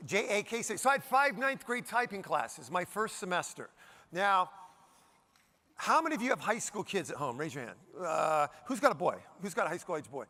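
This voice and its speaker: A man from Denver giving a high-energy keynote, playfully ordering the audience around with quick commands. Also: sing-song, pushed and bright. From Denver, Colorado. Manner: upbeat, playful, bossing the crowd with quick commands. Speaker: keynote speaker. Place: conference hall stage.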